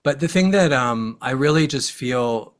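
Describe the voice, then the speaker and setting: A man's voice: mid-range voice, lively intonation, measured pace. A man hosting an interview, speaking in a hesitant, friendly way with frequent fillers. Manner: warm, hesitant, many fillers. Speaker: host. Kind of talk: casual interview chat.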